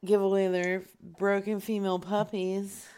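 A woman's voice: medium pitch, flat delivery, a little slow, darkish tone, clean tone. A woman co-hosting a casual comedy show, teasing and giggling between lines. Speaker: podcast co-host.

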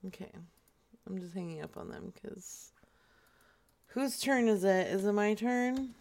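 Slow-talking woman co-hosting, laughing easily. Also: mid-range voice, vocal fry, darkish tone. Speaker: stream co-host, prank caller. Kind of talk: casual banter.

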